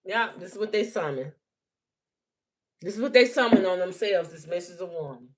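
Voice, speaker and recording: A woman's voice: lowish voice, moderate pace, a little mellow, poor audio. Woman, livestream spiritual reader; emphatic, blunt, repeats herself, swears freely; phone mic. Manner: emphatic, repetitive, blunt and profane.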